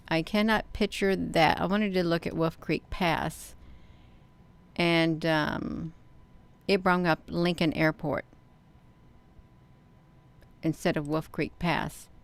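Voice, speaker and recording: Expressive woman hosting a live stream. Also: fairly low pitch, slow pace, long pauses, smooth. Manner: expressive and excitable, talks straight to viewers. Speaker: channel host reading live chat. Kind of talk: casual live-stream commentary.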